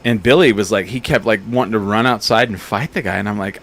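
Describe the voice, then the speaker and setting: Guy in his 30s telling crazy bar stories, lots of swearing, kinda low voice. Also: quick pace, few pauses. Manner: profane, animated storyteller acting out bar fights. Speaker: podcast host. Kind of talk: casual storytelling chat.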